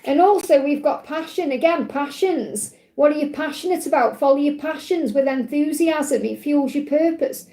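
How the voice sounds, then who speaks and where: A woman's voice: high voice, moderate pace, hardly any pauses, mellow, roomy sound. A woman hosting a spiritual live stream, talking in a heartfelt, rambling way with plenty of fillers. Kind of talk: emotional live-stream talk.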